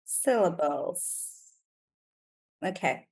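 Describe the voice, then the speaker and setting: A woman's voice: lowish voice, animated, very slow, darkish tone. A young woman teaching an online class, thinking aloud as she checks words and encourages students. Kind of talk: live online class, coaching students on syllables.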